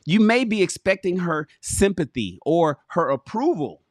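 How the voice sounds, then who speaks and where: Animated man reading to his livestream. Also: high-pitched, unhurried, no room sound, clean studio sound. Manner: animated, swearing, addresses viewers as fellas and bro. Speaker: livestream host reading a relationship book. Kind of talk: casual livestream book reading with commentary. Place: home.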